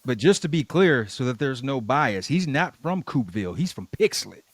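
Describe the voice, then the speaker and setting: Lively-pitched man, dry close sound. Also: moderate pace, no room sound. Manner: laid-back, dry jokes about the plot. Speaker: podcast co-host. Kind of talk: casual chat recapping a cartoon episode.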